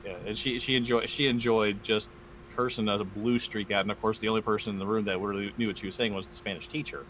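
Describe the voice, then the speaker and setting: A lowish American male voice with a halting, rambling delivery, full of restarts. He chats casually on a live podcast stream. A faint hiss sits under the recording. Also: steady tone, fairly bright tone. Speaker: podcast co-host.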